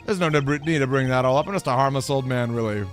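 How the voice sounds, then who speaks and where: A man's voice: mid-range voice, quick pace, faint music behind, lightly acted. A man voicing a sentimental old former chief prosecutor who talks in a tearful, fatherly, theatrical way, reading game dialogue aloud. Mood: genial. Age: older.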